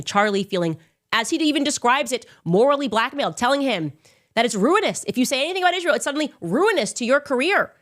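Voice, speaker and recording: A woman hosts her own commentary show and talks through it in an emphatic, combative way. She is often sarcastic and mocks her opponents by doing their voices higher than her own. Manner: sarcastic, mocking impressions in a high voice. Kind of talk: opinionated commentary monologue.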